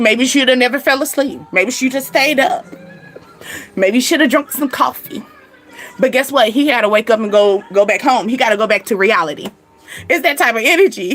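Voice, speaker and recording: Woman host, high voice, sassy spiritual reader, faint music underneath. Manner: animated, sassy, laughs often, talks straight to the listener. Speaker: spiritual reading channel host. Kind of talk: casual spiritual reading to viewers.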